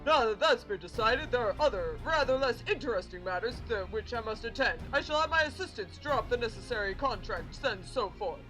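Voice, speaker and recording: A woman's voice: on the high side, animated, fairly quick, hardly any pauses, a bit bright, soft background music, low-quality recording. A woman voicing a pompous, wealthy male merchant chairman in a fan-read game story, with grand, formal speech. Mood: grandiose.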